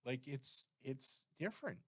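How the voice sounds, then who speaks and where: A man's voice: mid-range voice, unhurried, breathy edge, no echo, clean studio sound. A Canadian man co-hosting a podcast, chatting casually and rambling off on tangents. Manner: rambling, animated, goes off on tangents. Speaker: podcast co-host. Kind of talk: casual chat.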